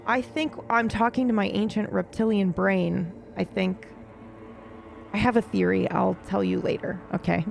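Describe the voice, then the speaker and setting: Chatty streamer with a creaky voice. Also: medium pitch, fairly even intonation, moderate pace. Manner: chatty, reactive, swears casually. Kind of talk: casual let's play commentary. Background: faint game music.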